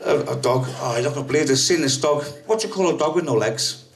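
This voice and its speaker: Rambling English comedian, scatterbrained. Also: male voice, on the high side, quick pace. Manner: rambling, scatterbrained, asks 'you know what I mean'. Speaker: stand-up comedian. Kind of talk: stand-up routine.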